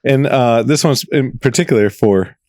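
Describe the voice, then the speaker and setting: A man's voice: mid-range voice, normal speed, dry recording, studio quality. A man on a podcast telling a story in casual, profane chat, acting out the voices in his anecdotes. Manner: animated, profane storyteller who acts out quotes. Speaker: podcast co-host.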